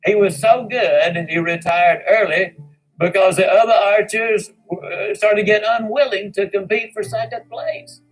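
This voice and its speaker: A man giving a folksy storytelling speech as a motivational speaker, with dramatic pauses and boastful humor. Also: high-pitched, fairly even intonation, soft background music, rough recording.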